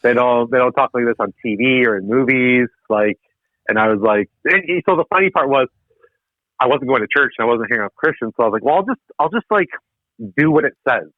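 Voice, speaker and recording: A man telling a personal story as a guest, animated and quick to laugh at himself. His voice sits at an ordinary pitch and comes through a tinny, dry phone-like line from a remote call. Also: no room sound. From Canada (Ontario). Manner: animated, laughing, self-deprecating. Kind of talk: casual conversational storytelling.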